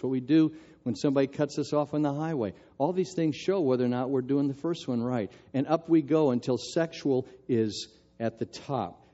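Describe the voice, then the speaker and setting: In a muffled recording, an older preacher with a mid-range voice tells a story during his sermon, lively and poking fun at himself.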